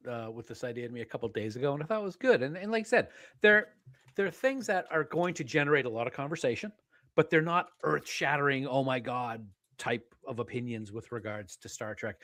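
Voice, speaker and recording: A man co-hosting a live fan show in casual chat, easygoing, agreeable and quick to laugh. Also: mid-range voice, a bit bright, no echo, clean studio sound. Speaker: podcast co-host.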